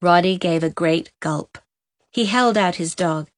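A woman narrating a storybook gently for an audiobook. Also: lowish voice, unhurried, no echo, studio quality.

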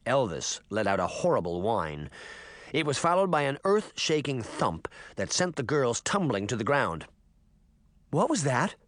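A man's voice: medium pitch, moderate pace, dry recording. A man narrating a children's fantasy novel as an audiobook. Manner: expressive storytelling. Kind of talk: scripted narration.

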